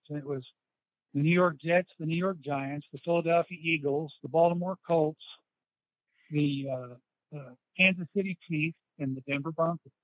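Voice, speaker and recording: A man with a fairly high voice tells stories over a tinny, dry, phone-like line with no room sound. A former football player guesting in a casual storytelling interview, he rambles through anecdotes, often restarting and quoting dialogue.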